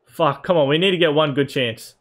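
A young man commentating live over his own football video game, excitable, swearing and shouting at his team. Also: on the high side, fairly quick. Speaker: gaming YouTuber.

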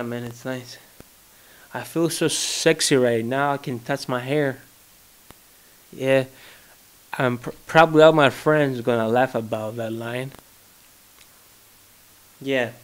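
Slow-talking young Greek-accented man. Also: mid-range voice, clean tone. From Greece. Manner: rambling, joking, searches for words. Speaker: vlogger. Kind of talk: casual solo monologue. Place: his home.

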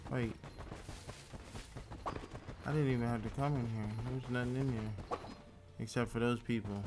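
A man's voice: mid-range voice, fairly even intonation, moderate pace. Laid-back man, noisy. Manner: laid-back, talks to himself, swears at enemies. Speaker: gaming YouTuber. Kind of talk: casual gameplay commentary.

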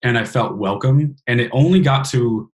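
A man's voice: medium pitch, normal speed. A man hosting a podcast in casual interview chat, earnest and frank, swearing casually. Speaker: podcast host.

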